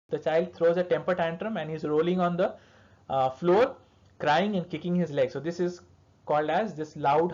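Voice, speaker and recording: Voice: mid-range voice, darkish tone. Lecturer explaining, on a dull lo-fi recording. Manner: explanatory, checks in with "all right" and "okay". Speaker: lecturer in pediatric dentistry. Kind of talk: recorded lecture to dental students.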